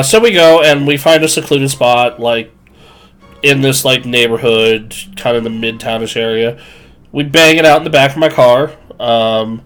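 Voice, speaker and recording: A man's voice: medium pitch, a bit bright, clear, resonant tone. A man in his twenties telling a crude, self-mocking story on a live stream, full of fillers and rambling asides.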